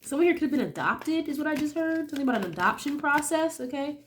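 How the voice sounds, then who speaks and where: Speaking fast with lively intonation in a high voice, a young woman does a casual tarot reading over slight background noise, sniffly as she recovers from a cold. She chatters away, swears casually, and keeps asking "okay?".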